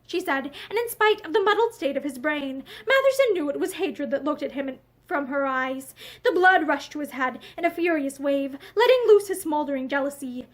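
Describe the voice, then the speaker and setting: A young woman reading a novel aloud in a room with bookshelves, with steady, expressive storytelling. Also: high-pitched. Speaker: audiobook reader. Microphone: facing camera, seated.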